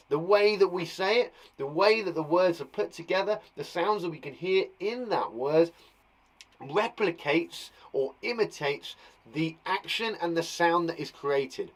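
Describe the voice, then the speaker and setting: A young British man, a primary school teacher, speaks at a measured pace in a fairly high voice with lively intonation. He's teaching young children online from a garden shed classroom, playful and encouraging as he acts out sound words with gasps and laughs.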